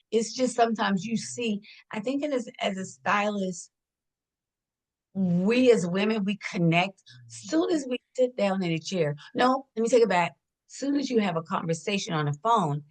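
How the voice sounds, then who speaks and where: Middle-aged stylist lady from dc, chatty, laughs a lot, does little voices for her clients when she tells stories. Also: medium pitch. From Washington D.C. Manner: animated, laughs often, acts out quoted voices. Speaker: hair and image stylist. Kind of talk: casual storytelling in an interview.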